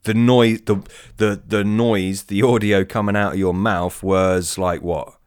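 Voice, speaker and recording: Low-voiced man asking curious questions. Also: fairly even intonation, measured pace, clear, resonant tone, no echo, studio quality. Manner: curious, asks follow-up questions. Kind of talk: casual chat.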